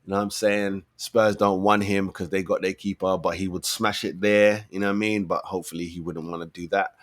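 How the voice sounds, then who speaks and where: A young man riffs on football as a fan, casual and full of street slang. His voice sits low, and he often says a line twice to drive it home. The sound is close and dry, with no room around it. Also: flat delivery, brisk, no room sound. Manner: slangy, conversational, repeats phrases for emphasis. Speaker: football fan channel host. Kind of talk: casual fan commentary to camera.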